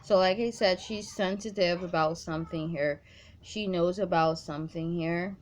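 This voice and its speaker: A woman's voice: lowish voice, fairly even intonation, moderate pace, darkish tone. A woman doing a tarot reading straight to the viewer, blunt and emphatic, swearing freely and repeating her points. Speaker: tarot card reader.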